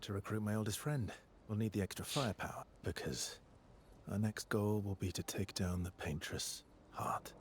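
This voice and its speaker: Brief: actor as a deep, calm, measured veteran guide in a game. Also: male voice, a little hiss or hum, close to an everyday voice. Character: calm, seasoned male expedition guide.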